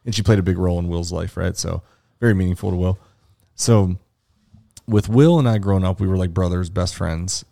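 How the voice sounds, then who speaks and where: A young adult man co-hosting a podcast tells a long, profane story in casual conversation, acting out the quotes. His voice is deep, warm and creaky, and he speaks fairly quickly.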